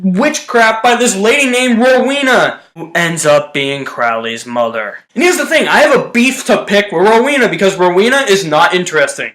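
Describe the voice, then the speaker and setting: A man's voice: high voice, a bit bright, reverberant. A young man giving a casual, exasperated review rant about a TV show. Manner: ranting, exasperated, blunt.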